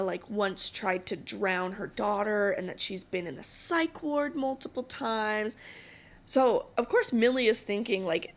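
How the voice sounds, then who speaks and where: A woman's voice: mid-range voice, a little slow. A woman hosting a podcast, chatting casually and gossipily through a TV show recap with lots of fillers. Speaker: podcast host.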